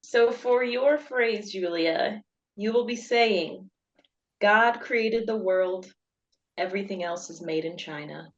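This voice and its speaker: A woman co-hosting a casual chat, reading out game phrases in a measured way. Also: medium pitch, highs cut off.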